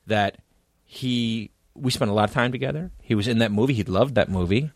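A man's voice: mid-range voice, fairly quick, no echo. A middle-aged man with a mid-range voice spins a comic anecdote for his co-host, loose and profane. He acts out his own panic as he goes. The sound is close and dry, with no room around it. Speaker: podcast co-host. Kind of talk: casual comedic storytelling.

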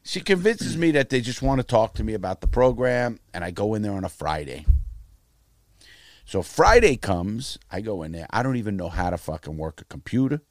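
Blunt, profane middle-aged American man for casual chat; low, animated voice, recorded dry and close. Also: moderate pace, no echo. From United States. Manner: profane, blunt storytelling with lively quoted voices. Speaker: guest telling his life story.

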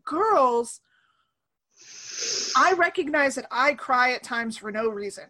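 A woman in her thirties hosting a casual conversation over a remote call, animated and acting out the voices she quotes. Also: high voice, slow pace.

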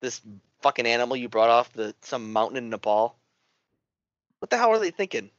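Man, casual podcast co-host, lively and profane, dry slightly dull sound. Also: mid-range voice, a little fast, no room sound. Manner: animated, swears a lot. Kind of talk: casual movie discussion.

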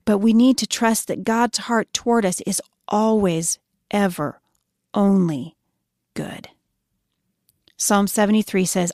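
A woman in her thirties giving an earnest devotional sermon, softly emphatic and slowing down when she quotes scripture. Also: mid-range voice, dry recording, clean studio sound. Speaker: Christian speaker.

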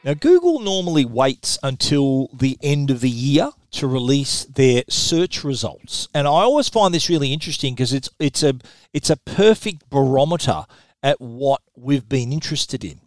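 In a dry recording, a middle-aged Australian man runs through tech news in a quick, casual, chatty style, often starting his phrases over. His mid-range voice has a sing-song quality.

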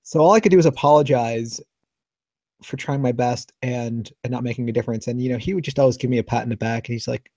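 A man tells a story from his work in a relaxed, conversational way, and his voice is near tears. He often stops and restarts. His pitch sits in the middle range, and the sound is dry and close. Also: no echo. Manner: emotional, halting, close to tears. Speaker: physiotherapist guest. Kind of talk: casual storytelling.

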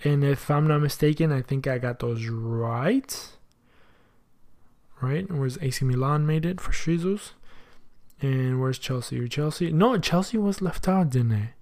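A man's voice: medium pitch, measured pace, a little mellow. A man hosting a soccer podcast in casual chat, slangy and thinking aloud as he goes. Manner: chatty, thinks aloud, asks himself questions.

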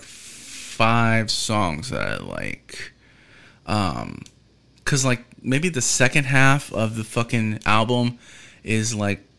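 A man's voice: mid-range voice, a bit bright. A man hosting a podcast, rambling casually with frequent swearing, fillers and restarts. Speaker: podcast host.

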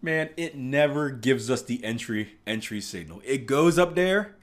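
A man at a middle pitch teaches trading on a relaxed live stream. He talks loosely and chattily, checks in with "right?" at every turn, and acts out little anecdotes as he goes. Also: measured pace. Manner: chatty, keeps asking "right?" and acting out anecdotes. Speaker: trading instructor.

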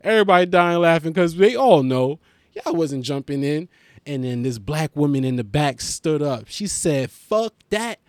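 Animated profane man telling stories. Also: on the high side, no room sound. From Haiti. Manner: profane, animated, acts out other people's voices. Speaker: podcast host, comedian. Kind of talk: casual storytelling rant.

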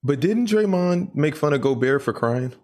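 A man's voice: fairly high pitch, expressive, normal speed, darkish tone. A man co-hosting a podcast, pressing his point emphatically and swearing in a casual debate. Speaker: podcast co-host.

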